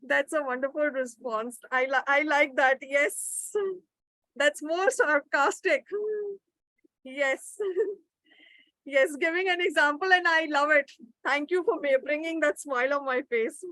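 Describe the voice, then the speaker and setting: A woman's voice: sits high, fairly even intonation, unhurried, sharp tone, no echo, low-quality recording. A woman teaching an interactive online grammar session. She reads out participants' answers and praises them. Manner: encouraging, reads out participants' replies. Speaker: webinar trainer.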